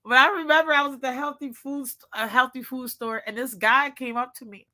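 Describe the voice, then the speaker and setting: A woman in casual chat, animated and gushing, with informal slangy speech and lots of exclamations. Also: sits high, brisk.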